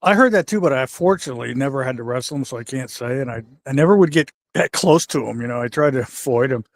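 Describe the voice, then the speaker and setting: An older man telling backstage stories in a casual, animated way, acting out the voices of the people in them. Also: medium pitch, fast talker, no echo. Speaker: guest wrestler telling stories. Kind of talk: casual storytelling.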